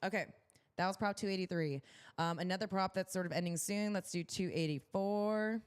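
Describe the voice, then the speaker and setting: A woman's voice: mid-range voice, normal speed, smooth. A young adult woman co-hosting a casual livestream chat, bubbly and upbeat with lots of fillers. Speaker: podcast co-host.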